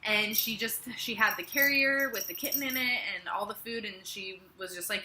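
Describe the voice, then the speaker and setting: A woman's voice: mid-range voice, normal speed, hardly any pauses, background noise. A young woman telling a personal story to the camera in a casual, chatty way, with lots of filler words. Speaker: vlogger. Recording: echoey room.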